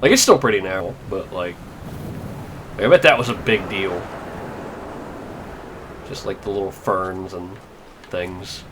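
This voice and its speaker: A man's voice: deep voice, slow, pauses often, background noise. A young man giving casual, rambling gameplay commentary, wry and full of fillers and swearing. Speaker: let's play gamer. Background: faint game music.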